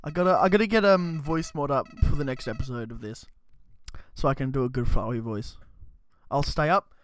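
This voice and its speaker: A man's voice: medium pitch, brisk. Swearing, joking male game streamer. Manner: swearing, joking, laughing to himself. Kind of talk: casual game livestream commentary. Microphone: desk microphone.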